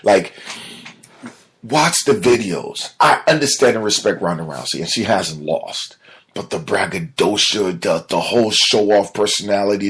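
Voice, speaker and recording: A podcast host with a low, husky voice tells a story in casual solo podcast talk. He's animated while narrating but sinks into a low mutter when he gets upset.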